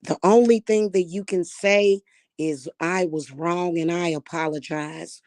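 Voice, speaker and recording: A woman's voice: on the low side, fairly even intonation, measured pace, no room sound, studio quality. Furious woman ranting with heavy profanity. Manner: profane, shouting at times, repeating insults. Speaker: spiritual vlogger. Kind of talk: angry rant to camera.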